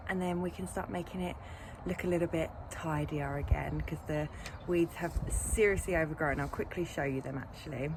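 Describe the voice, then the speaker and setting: A young woman chatting casually to camera while working on her allotment plot, self-deprecating and full of ums. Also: on the low side. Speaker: allotment vlogger. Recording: outdoor camera audio with noise.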